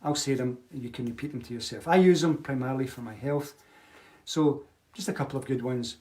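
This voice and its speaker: A man leading a guided meditation, speaking affirmations in a slow, soothing, repetitive way. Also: medium pitch, darkish tone. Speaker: meditation teacher. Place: home, live online session. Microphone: webcam or computer mic.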